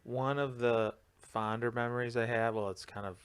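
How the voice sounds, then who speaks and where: A man's voice: mid-range voice, fairly even intonation, moderate pace, clean tone. A man co-hosting a casual podcast, telling rambling stories with lots of filler words. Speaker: podcast co-host. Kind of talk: casual storytelling chat.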